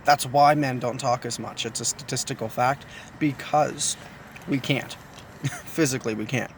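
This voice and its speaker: A man's voice: mid-range voice, fairly even intonation, measured pace, slight background noise. A man hosting a casual video talk with his partner. He is chatty and pokes fun at himself, and he explains his points by repeating phrases. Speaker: video host.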